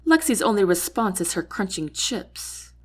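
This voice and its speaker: A woman's voice: measured pace, slightly rough. A woman narrating a first-person novel aloud, giving each character a voice of their own. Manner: lively, shifts pitch and loudness for each character. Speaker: audiobook reader.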